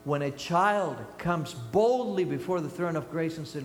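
Older preacher in an echoey hall. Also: male voice, a little slow, few pauses. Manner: emphatic, swinging from loud high bursts to quiet low asides. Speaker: pastor. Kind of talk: sermon. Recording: echoey hall with long reverb, faint hum.

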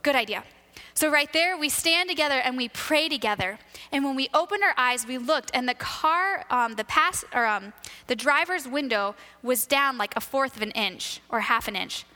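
A woman telling a church testimony in a lively storytelling way, acting out the voices of the people in her stories. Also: high-pitched, moderate pace, in a large hall. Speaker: church member sharing a testimony.

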